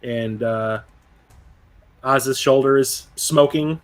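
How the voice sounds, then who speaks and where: A man's voice: medium pitch, slow. A man running a tabletop game as game master, narrating the scene in a laid-back way and laughing often. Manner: laid-back, laughs often, acts short outbursts for characters.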